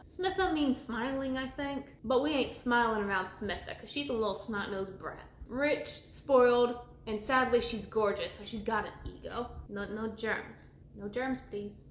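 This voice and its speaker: A chatty young woman reviews a book with a sarcastic, animated delivery. Her voice sits a little high. The room is echoey, with faint noise behind her. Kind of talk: casual chat.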